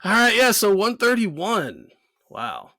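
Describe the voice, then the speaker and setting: A man's voice: sits high, huge pitch swings, slow, sharp tone, dry recording, studio quality. A man co-hosting a casual podcast, laid-back and rambling, laughing often. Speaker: podcast co-host.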